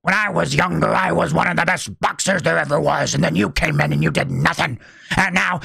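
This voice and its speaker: Guy doing a gravelly old boxing coach, bitter and gruff, rattling on fast. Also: a bit bright, no room sound, clean studio sound, heavily acted. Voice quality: deep gravelly.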